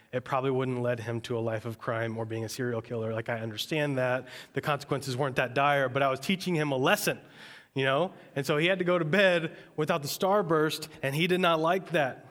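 A man in his thirties preaches to his congregation in a relaxed, conversational tone. His voice sits at an ordinary middle pitch, and he talks as if he is chatting with friends. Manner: conversational, storytelling with acted quotes. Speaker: pastor. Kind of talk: sermon.

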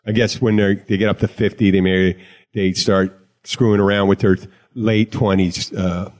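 A man's voice: on the low side, flat delivery, normal speed. A middle-aged man hosting a casual chat show, talking in a rambling way with restarts and laughs. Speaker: podcast host.

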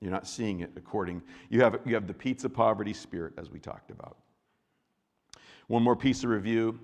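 A man's voice: lowish voice, fairly quick, creaky, big-room sound. An adult man preaching a sermon as a pastor, talking conversationally and often repeating words and restarting. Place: church.

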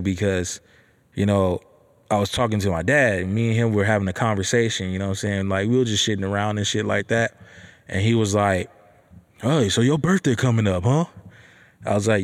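A young man, casually telling a personal story, profane and animated, with lots of "you know what I'm saying". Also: on the low side.

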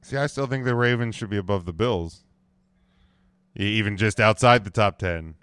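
A man co-hosting a sports debate, calm and measured as he weighs in between the others. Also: lowish voice, smooth, no echo. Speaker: sports talk co-host.

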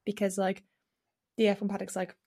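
A woman's voice: mid-range voice, normal speed. A young woman, co-hosting a podcast in casual chat, telling a story with lots of fillers and acted-out quotes. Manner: animated storytelling, acting out quotes, many fillers. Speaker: podcast co-host.

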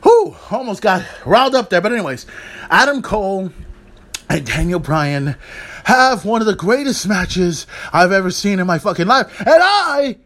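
Hyped up guy on a solo podcast, high voice jumping all over, swears a lot, yells on the big bits. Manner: hyped, swears freely, shouts on big moments. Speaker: podcast host. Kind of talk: excited wrestling recap podcast.

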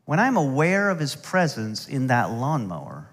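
A man's voice: mid-range voice, wildly swooping pitch, moderate pace. A middle-aged man preaching a sermon, telling stories with humor and asides. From United States. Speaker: pastor. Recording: long hall reverb.

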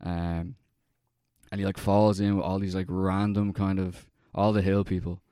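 A man's voice: sits low, flat delivery, moderate pace, mellow, clean tone, dry recording, studio quality. A young man chatting casually, rambling and swearing with lots of fillers as he recounts a film. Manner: rambling, profane, heavy on fillers. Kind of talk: casual chat.

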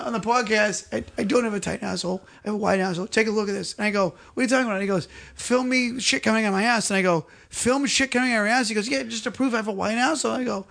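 High, gravelly-voiced man telling a crude story. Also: racing, fairly bright tone. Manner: rambling, repeats phrases, acts out quotes. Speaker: podcast co-host. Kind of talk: comedic storytelling chat.

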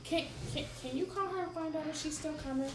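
High-voiced woman calling from far off. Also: quick pace, a crowd in the background. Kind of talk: casual asking. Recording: distant, echoey, noisy room.

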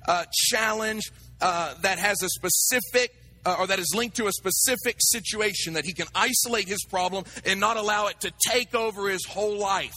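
A man preaching a sermon, animated and talking to his congregation with acted asides. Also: high-pitched, moderate pace. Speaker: pastor.

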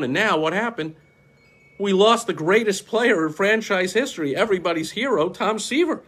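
A man's voice: sits high, lively intonation, normal speed, fairly bright tone, breathy edge. A middle-aged man from New York talking casually and passionately to camera, rambling through memories and reeling off statistics. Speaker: vlogger, baseball fan.

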